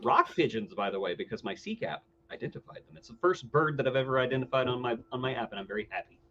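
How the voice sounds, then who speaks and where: Guy cohosting a podcast, teasing and playful, pitch bouncing up and down. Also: lively intonation, fast talker, bright, forceful tone, lo-fi sound. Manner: playful, mimics others in squeaky voices. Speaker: podcast co-host. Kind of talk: casual chat.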